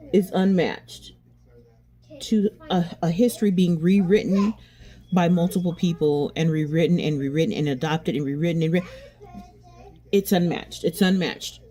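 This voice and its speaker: A woman's voice: lowish voice, warm tone. A woman chatting casually while doing her makeup, rambling and candid, often restarting and repeating herself, with frequent swearing. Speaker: beauty vlogger.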